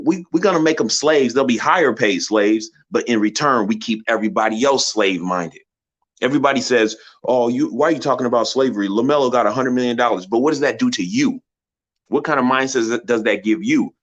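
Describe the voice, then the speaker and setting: A man's voice: fairly low pitch, a bit bright. A man hosting a sports channel, giving a passionate, preachy commentary full of rhetorical questions. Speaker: channel host.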